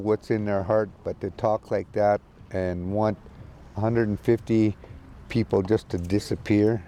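A man giving a casual, halting spoken report from an outdoor camp, with many restarts. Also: fairly low pitch, mellow, a little hiss or hum. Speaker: community advocate calling in from a camp. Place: outdoor encampment.

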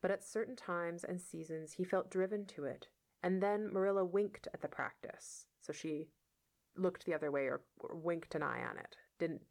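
A woman reading a novel aloud as a teacher, pausing for patient explanations of words. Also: fairly low pitch, gravelly, darkish tone. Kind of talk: read-aloud lesson explaining vocabulary.

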